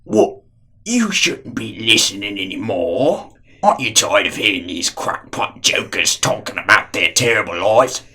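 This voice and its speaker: A man's voice: lowish voice, animated, unhurried, sharp tone, full character voice. A man doing a cheeky mock-British voice, teasing listeners to go make films.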